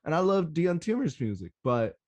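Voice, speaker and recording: A young man hosting a rave podcast, talking in an excitable, rambling way and swearing often. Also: fairly high pitch, moderate pace. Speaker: podcast host. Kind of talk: casual solo podcast recap.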